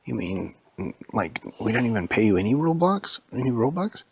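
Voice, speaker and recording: A man telling a made-up spooky story to a child, switching into high squeaky voices for characters and dropping to a whisper at scary moments. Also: big pitch swings, moderate pace, slightly rough, no room sound. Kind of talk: improvised bedtime-style story for a child.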